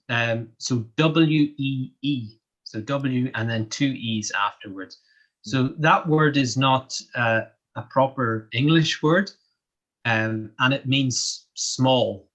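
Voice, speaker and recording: A man from Northern Ireland with a Northern Irish accent, a guest in a live online interview, explaining things slowly and carefully with many pauses and ums. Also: mid-range voice, a bit bright.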